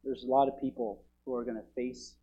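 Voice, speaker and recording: A pastor preaching a sermon, swinging between loud, urgent declarations and quiet, low asides. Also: male voice, level tone, fairly quick, husky, muffled recording.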